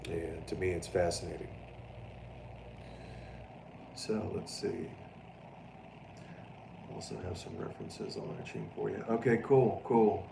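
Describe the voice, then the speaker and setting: A man hosts a casual livestream, reading viewer comments and riffing loudly with plenty of swearing. His voice sits low and sounds roomy, picked up from a little distance off the mic, with a faint hiss behind it. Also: slow pace, creaky, long pauses. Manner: loud, animated, profane, prone to mocking voices. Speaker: livestream host.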